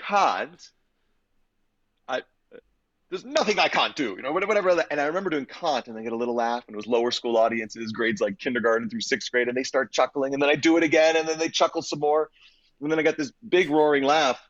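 A male actor tells stories from his career in a chatty interview. He is animated and expressive, doubling back on phrases as he goes, and laughs easily. The recording is dry and a little muffled. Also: mid-range voice, fast, no echo. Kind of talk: conversational interview storytelling. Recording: slightly dull, dry audio.

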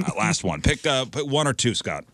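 A man hosting a morning radio show, animated and quick to yell answers at callers. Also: mid-range voice, no room sound.

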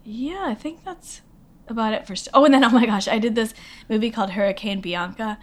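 A woman's voice: a little high, a little fast. A woman guest, an actress and comedian, chatting casually in an interview, rambling and self-deprecating with lots of fillers.

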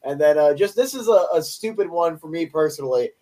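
A man's voice: fairly high pitch, lively intonation, dark tone. A young man co-hosting a sports podcast, running through stats in an enthusiastic, opinionated way. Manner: enthusiastic, opinionated, quick stat rundowns. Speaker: podcast co-host. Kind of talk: casual sports podcast chat. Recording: voice a bit distant from mic.

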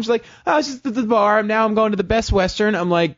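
A man telling a long personal story in a casual chat, animated and self-mocking, often acting out the voices of other people. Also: high voice, quick pace, few pauses, lo-fi sound.

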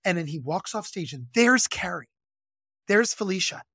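Animated podcast host gushing about film. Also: medium pitch, vocal fry, dry recording, clean studio sound. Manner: animated, gushing, quick asides. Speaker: music educator and conductor. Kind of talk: casual film discussion.

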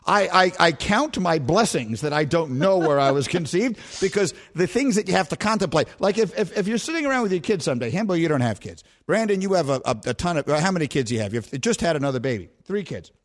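A middle-aged man hosting a sports radio show, telling a rambling, animated story and chatting with his co-hosts. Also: a little high, quick pace, hardly any pauses. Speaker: radio host. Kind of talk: casual chat on sports radio.

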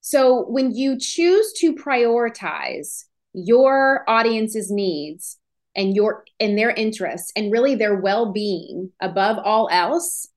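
A woman hosting a podcast, giving an energetic, emphatic motivational talk on business and selling. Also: medium pitch. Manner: energetic, emphatic, acts out inner voices. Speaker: podcast host.

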